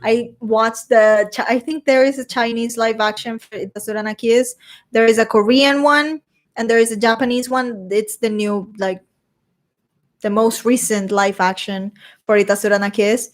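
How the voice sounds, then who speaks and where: A young woman streamer chats casually with her viewers, reading their comments aloud as she rambles, swearing now and then and drifting into Spanish. Her voice sits on the high side, with fairly even intonation and a moderate pace.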